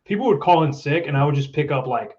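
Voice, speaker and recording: Man, fairly high voice, casual profane banter, laughs a lot, dull lo-fi sound. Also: animated, fast, darkish tone. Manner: loose, swearing, laughs often. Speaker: podcast guest, former contractor coworker.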